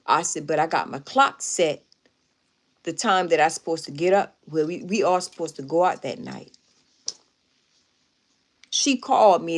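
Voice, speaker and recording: A woman live streaming, casually telling a story to her viewers in an emphatic, animated way with lots of repetition. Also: on the low side.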